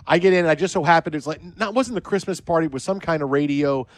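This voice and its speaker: Chatty high-voiced male radio host. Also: fast talker, dry recording. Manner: animated storytelling, chatty. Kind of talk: sports talk radio.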